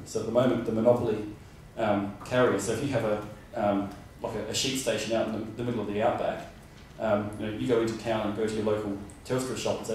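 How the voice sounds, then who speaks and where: A man's voice: lowish voice, little pitch movement, quick pace, few pauses, darkish tone, slight background noise. A man giving a conference presentation, rambling with many fillers and restarts. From Australia. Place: conference room. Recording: roomy hall from far off.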